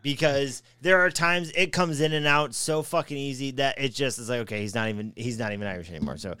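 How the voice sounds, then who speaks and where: A man's voice: medium pitch, fast, pushed and bright, clear, resonant tone, dry recording, clean studio sound. Profane ranting podcast guy. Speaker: podcast co-host. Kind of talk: casual podcast chat.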